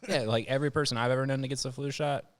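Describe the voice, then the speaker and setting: A man's voice: medium pitch, steady tone, rapid-fire. A man hosting a podcast, telling a story in casual chat and acting out the voices of the people in it. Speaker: podcast host.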